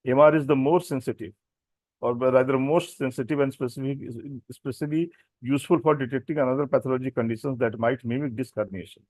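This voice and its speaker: A man's voice: medium pitch, fairly even intonation, fast talker, darkish tone, no echo. A man with an Indian English accent, a doctor giving a technical lecture with many fillers and self-corrections. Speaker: doctor presenting at a medical symposium.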